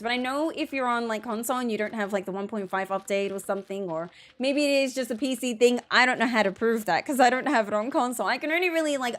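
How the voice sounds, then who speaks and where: A woman's voice: a little high, a bit bright. A woman streamer giving rambling, exasperated, jokey gameplay commentary.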